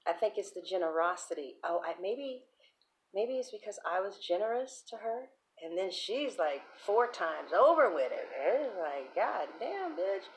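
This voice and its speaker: A woman tarot reader on a casual livestream, telling stories in a chatty, animated way with plenty of profanity. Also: medium pitch, moderate pace.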